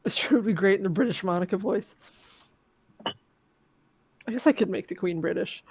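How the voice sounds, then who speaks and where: A woman's voice: mid-range voice, normal speed, a little hiss or hum. A woman co-hosting a game stream, reading out the story text with joking asides. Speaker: co-host. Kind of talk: playing a text adventure game. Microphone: desk microphone at home.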